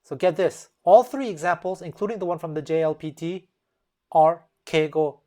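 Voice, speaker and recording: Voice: medium pitch, moderate pace, warm tone. Casual, chatty language-lesson host. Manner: explains step by step and acts out example phrases in shifting tones.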